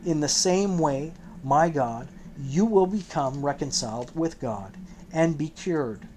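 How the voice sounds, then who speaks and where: A fatherly old rabbi, as an audiobook reader puts him on, speaks low and tender, coaxing his listener toward a confession. His tone is soft and pleading rather than stern, with a faint hiss of noise behind the reading. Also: takes it slowly. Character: older male rabbi, gentle, troubled, fatherly.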